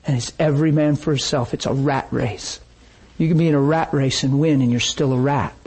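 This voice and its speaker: In a church, a pastor preaches a sermon in a medium-pitched, somewhat fast voice with a breathy edge, though the audio is poor. He tells stories with animation and acts out the voices in them.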